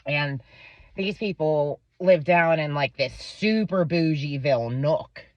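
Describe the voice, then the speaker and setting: A woman's voice: deep voice, slow pace, dry recording. A woman in her thirties from Pennsylvania, casually telling a profane story about her kid and acting out the people in it. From Pennsylvania, USA. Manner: profane, animated retelling with quoted voices. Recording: dull lo-fi dry recording.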